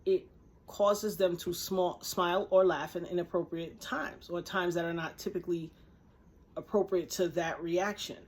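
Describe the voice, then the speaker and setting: A woman's voice: lowish voice, steady tone, moderate pace. A woman vlogger telling a personal story straight to camera, earnest and emphatic. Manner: earnest and emphatic, acts out quoted voices. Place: indoors, speaking to camera.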